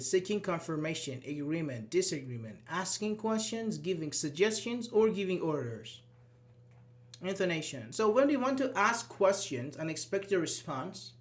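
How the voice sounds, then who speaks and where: Man teaching English grammar online. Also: on the high side. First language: Persian. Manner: explains step by step, often checks in with students. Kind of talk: live online grammar class.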